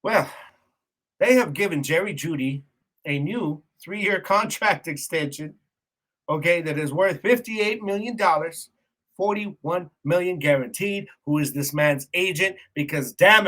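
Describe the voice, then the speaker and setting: High, bright-voiced ranting sports podcaster man. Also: moderate pace. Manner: animated, ranting, laughs at own jokes. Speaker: podcast host. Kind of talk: casual sports talk monologue.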